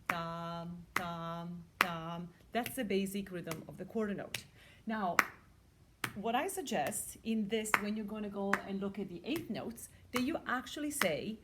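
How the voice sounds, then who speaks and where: A woman's voice: mid-range voice, very noisy. A woman teaching music, talking through how to count rhythms and chanting the beats aloud.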